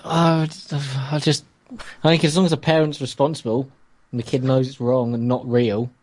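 A man co-hosting a casual podcast, answering in hesitant, halting bits. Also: mid-range voice, little pitch movement, darkish tone. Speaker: podcast co-host. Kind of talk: casual chat.

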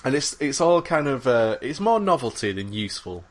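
A man co-hosts a gaming podcast, his mid-range voice sing-song and a little quick. The chat is casual, rambling and enthusiastic, packed with fillers and swearing.

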